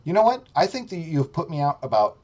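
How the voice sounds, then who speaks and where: A male streamer tears into a rival in a heated, foul-mouthed rant. His pitch swings widely as he mocks and jeers, and his voice sits a touch high for a man. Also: very animated, fast talker, a little mellow. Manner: profane, mocking, heated. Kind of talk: ranting commentary.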